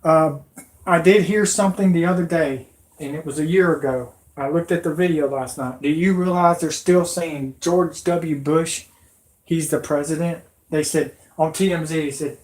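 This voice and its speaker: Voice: medium pitch, steady tone, normal speed, darkish tone. A livestream host giving an agitated, emotional, rambling rant into a computer microphone. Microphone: computer mic.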